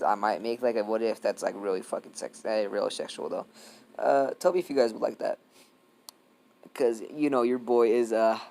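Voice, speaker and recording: A man's voice: on the low side, creaky, a little hiss or hum. A young man casually improvising a fan-fiction story, rambling and swearing, with lots of fillers. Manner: rambling, profane, heavy on fillers. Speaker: YouTube storyteller.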